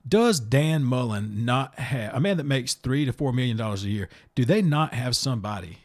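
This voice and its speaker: A man talks casually as a podcast host, with a voice of ordinary middle pitch for a man. He rambles, stumbles and repeats himself, then lands blunt, animated opinions. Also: moderate pace. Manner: rambling, self-interrupting, repeats words.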